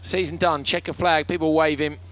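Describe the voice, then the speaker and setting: Hoarse, bright-voiced man commentating. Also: a little high, little pitch movement, brisk. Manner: chatty, emotional, laughs often. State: hoarse, tired voice. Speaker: rallycross commentator. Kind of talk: casual live broadcast chat.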